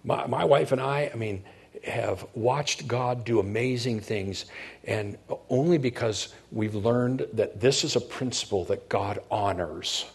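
Middle-aged male pastor, husky mid-range voice, chatty sermon delivery that keeps asking the congregation if they follow. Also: mid-range voice, unhurried. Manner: conversational, checks in with the congregation.

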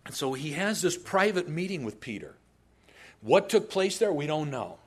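A male pastor delivers a lively sermon, narrating with humor and energy. His voice sits somewhat high for a man, and he often breaks into playful asides. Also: normal speed, slightly rough. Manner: animated, storytelling, humorous asides.

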